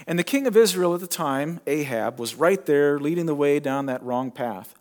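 A man's voice: on the high side, expressive, a little mellow. Conversational male preacher telling a story. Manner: storytelling, conversational with dramatic pauses. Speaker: pastor. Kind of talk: sermon.

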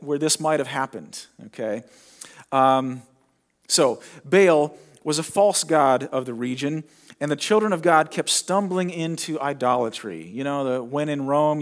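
A middle-aged male pastor preaching a sermon, retelling a story in a conversational way with dramatic pauses. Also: fairly high pitch.

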